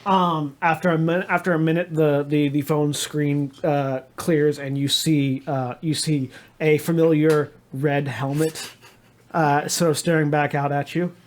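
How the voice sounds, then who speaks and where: A man running a tabletop game as game master, narrating haltingly with many restarts. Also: a little high, level tone.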